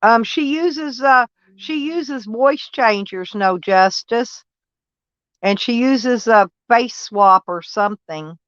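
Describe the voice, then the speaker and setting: A woman with a Southern American accent and a voice on the high side speaks at a slow pace, her tone fairly bright. Rambling casually on a livestream, she reads chat and answers viewers by name in a dull, lo-fi, dry recording.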